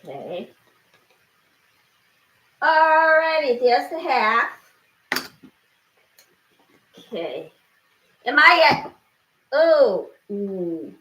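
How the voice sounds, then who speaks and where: A woman's voice: high voice, very animated, drawn-out words, pauses often, sharp tone, lo-fi sound. A woman chatting to herself as she cooks at home, counting ingredients aloud and sighing or exclaiming as she goes. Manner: talks to herself while cooking, with sighs and exclamations. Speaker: channel host cooking on camera. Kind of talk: casual cooking narration. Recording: echoey room.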